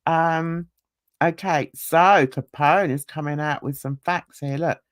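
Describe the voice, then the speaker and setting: A woman's voice: low-pitched, steady tone, slow pace, no room sound, studio quality. A woman on a livestream panel, chatting casually, laughing often and mimicking other people's voices.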